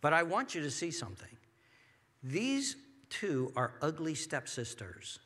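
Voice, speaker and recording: Male pastor, sermon delivery, bright, fairly high voice, lively and dramatic, echoing hall. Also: unhurried. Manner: animated, acts out people's inner thoughts.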